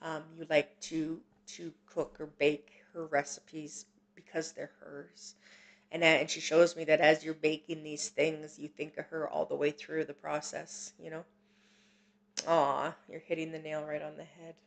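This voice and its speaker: A woman hosting a psychic reading stream, gentle and reassuring, with many pauses and fillers. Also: sits low, gravelly. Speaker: psychic medium host. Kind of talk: live-stream reading, casual chat.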